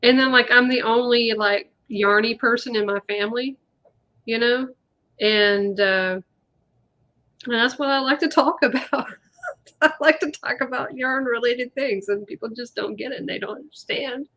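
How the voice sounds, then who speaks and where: A woman's voice: fairly high pitch, normal speed, pushed and bright. A woman hosting a casual live chat, rambling and chatty with lots of fillers. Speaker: host.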